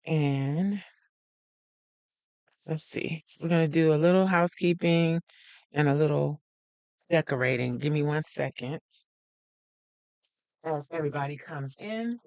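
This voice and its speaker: A woman's voice: sits low, unhurried, long pauses, a little mellow, no echo. A woman hosting a live planner stream from home, chatty and greeting viewers by name as she thinks aloud. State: a little out of breath. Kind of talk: casual live-stream chat.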